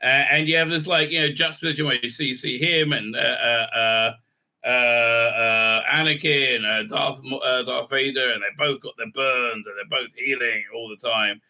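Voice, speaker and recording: A man's voice: medium pitch, steady tone, moderate pace, sharp tone. A man reviewing a show in a casual, rambling recap. He hesitates a lot, piles up fillers and keeps an irreverent tone. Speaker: video reviewer.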